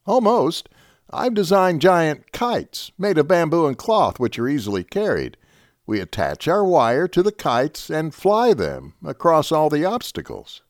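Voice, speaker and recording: A man's voice: on the high side, sing-song, measured pace, no echo, studio quality, pitched above the performer's own voice. A man voicing an eager young army lieutenant, earnest and stammering over his plan.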